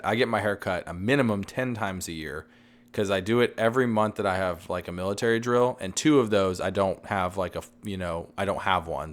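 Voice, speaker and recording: Deep-voiced dad podcaster with a fading voice. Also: male voice. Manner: rambling, loud, says he is yelling and redlining. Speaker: podcast co-host. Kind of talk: casual chat.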